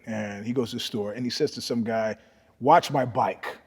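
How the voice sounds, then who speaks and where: Speaking at normal speed, this older man from New York, a guest storyteller, tells profane tales in a casual interview with a husky, slightly breathy voice. He alternates loud, animated bursts with hushed asides, while the room carries a long reverb.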